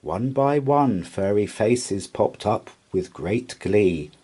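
A man reading a rhyming children's picture book aloud in an expressive storytelling voice. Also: lowish voice, husky. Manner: slow, expressive rhyming delivery. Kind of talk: children's read-aloud narration.

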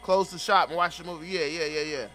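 A young man doing comedic game commentary, loudly roasting the characters in slang. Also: a little high, fairly even intonation, fast, a little hiss or hum. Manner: loud trash-talking, roasting characters in slang. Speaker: gaming streamer.

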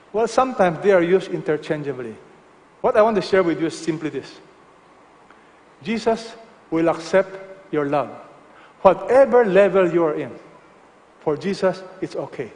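A male pastor preaching a sermon emphatically, dropping to soft, low tones for effect. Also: long reverb tail.

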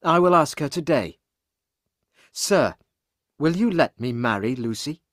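A man's voice: on the high side, lively intonation, measured pace, a bit bright, dry recording, studio quality, voice pushed up. A man voicing an earnest young French teacher in an audiobook, pleading politely.

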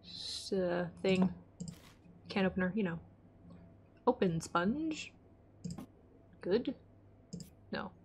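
Chatty woman streamer, quick to get exasperated. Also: medium pitch, expressive, darkish tone, slight background noise. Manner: chatty, talks to herself, easily exasperated. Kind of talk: casual let's-play chat.

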